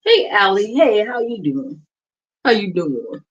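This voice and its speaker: A woman's voice: medium pitch, big pitch swings, a little slow, lo-fi sound. A woman hosting a casual reaction livestream, gossiping and mocking in a sassy, drawling way. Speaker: livestream host. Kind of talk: casual reaction stream chat.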